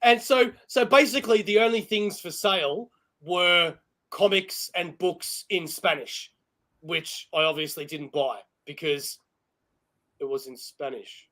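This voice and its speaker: A man with a high-pitched voice tells a story to friends on a casual podcast. He is animated and laughs easily. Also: unhurried. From Australia. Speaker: podcast co-host. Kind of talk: casual chat.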